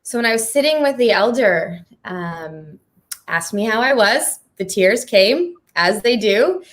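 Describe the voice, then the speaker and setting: A woman's voice: mid-range voice, expressive, unhurried. Earnest woman moderating a live panel. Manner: warm, earnest, laughs often. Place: performing arts centre stage.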